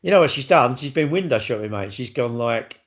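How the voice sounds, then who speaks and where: A man's voice: mid-range voice, animated, a little fast. A middle-aged man hosting a casual livestream, cheekily bantering and reading viewer comments aloud before answering them. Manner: cheeky, blunt and jokey. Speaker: livestream host.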